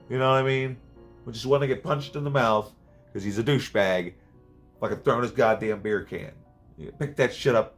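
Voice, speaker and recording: A man in a casual vlog rambles through a horror movie's plot, swearing freely and drifting off on tangents. His voice sits at an ordinary middle pitch, with faint music in the background. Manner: rambling, profane, animated. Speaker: movie reviewer. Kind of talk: casual profane vlog commentary. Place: seated at home.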